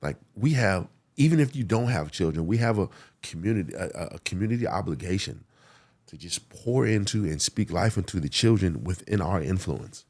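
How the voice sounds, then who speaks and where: A man in his forties from the United States, telling a personal story in an earnest, halting way and near tears. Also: low-pitched, lively intonation, a little mellow. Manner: earnest, halting, many fillers and restarts. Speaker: guest.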